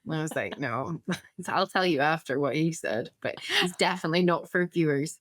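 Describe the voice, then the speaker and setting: A woman's voice: sits low, normal speed, fairly bright tone, no echo. Woman, late 30s, podcast co-host, teasing and self-mocking, dry mic. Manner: self-deprecating, jokey. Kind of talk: casual chat.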